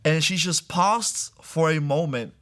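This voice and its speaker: A man's voice: fairly high pitch, a little slow, a bit bright. A man telling his personal faith testimony in a sit-down interview in a church, speaking earnestly and often using casual fillers. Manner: earnest storytelling with frequent "like" and "I'm like" fillers. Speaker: guest sharing a faith testimony. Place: church building.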